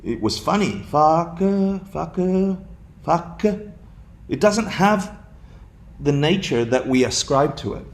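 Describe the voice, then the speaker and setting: A man from Argentina giving a dharma talk, telling a story in an animated, jokey way and laughing often. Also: medium pitch, unhurried. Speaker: dharma teacher.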